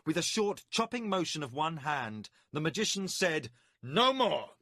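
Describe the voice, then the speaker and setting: A man reading a fantasy audiobook as scripted narration, dramatic and expressive. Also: on the high side, normal speed, no room sound, clean studio sound.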